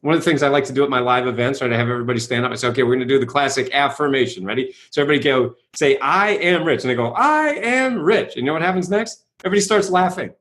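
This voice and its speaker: A man's voice: mid-range voice, rapid-fire, few pauses, a bit bright. A man being interviewed as a guest speaker, telling his story energetically, acting out quoted voices and often asking "right?".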